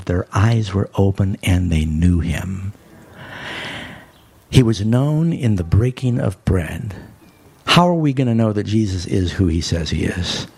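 Male preacher, husky and gravelly, animated storyteller with emphatic peaks. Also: fairly low pitch. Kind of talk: sermon.

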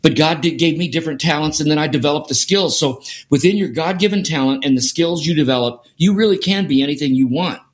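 This interview guest, a middle-aged sport performance scientist, has a slightly high voice and talks fast with few pauses. His storytelling is earnest, and he repeats phrases to drive points home.

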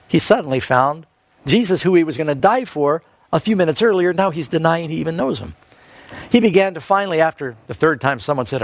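A man preaching a sermon, telling a Bible story in a lively way with quick asides and scripture quotes. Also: medium pitch, dry recording.

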